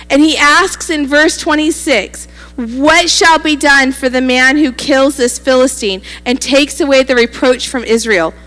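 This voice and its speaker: A woman's voice: high-pitched, fairly bright tone, big-room sound. A woman pastor preaching a sermon, telling a story animatedly and acting out the quoted lines.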